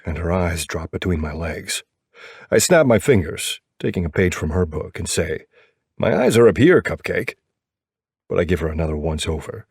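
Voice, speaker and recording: A man narrating a first-person romance audiobook in a low, brooding, wry voice. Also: darkish tone, husky, dry recording, clean studio sound.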